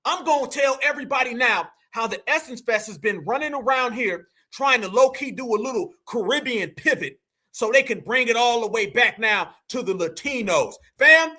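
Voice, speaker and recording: A man from the United States with a very high, piercing voice that carries real edge and brightness. He rants in heated reaction commentary, mocking and combative, repeatedly calling his audience fam. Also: expressive, moderate pace. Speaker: reaction channel host.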